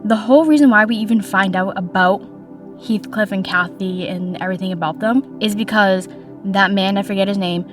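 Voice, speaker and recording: A woman's voice: medium pitch, moderate pace, faint music behind. A young woman hosting a casual podcast, chatty and opinionated, delivering playful hot takes. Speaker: podcast host.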